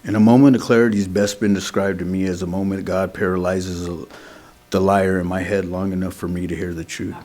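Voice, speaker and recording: This is a middle-aged man with a fairly low voice. He shares his story at a meeting in a loose, earnest, conversational way, peppering his sentences with "man" and "you know". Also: level tone, brisk, darkish tone. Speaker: AA meeting speaker. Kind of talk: sharing a recovery story at a meeting.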